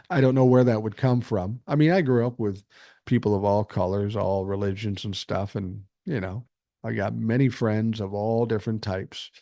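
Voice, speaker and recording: A man talks through a casual livestream, reading viewer comments aloud and answering them. His voice sits fairly low, and he speaks bluntly and reasonably, swearing freely. The sound is dry and close, with no room echo. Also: a little slow, dark tone. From Minnesota, USA. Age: 60s. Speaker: podcast host reading live chat.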